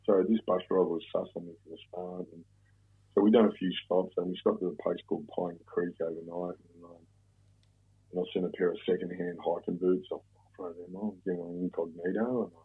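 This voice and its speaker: Australian man, very low husky voice, rambling and profane, tinny phone-like sound. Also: level tone, brisk. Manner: rambling, profane, many restarts. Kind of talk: casual storytelling.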